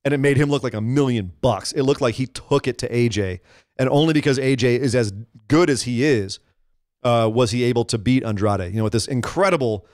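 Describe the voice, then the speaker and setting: A man co-hosting a casual wrestling podcast, talking excitably and rambling with frequent restarts. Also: mid-range voice, fairly quick, no room sound, studio quality. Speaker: podcast co-host.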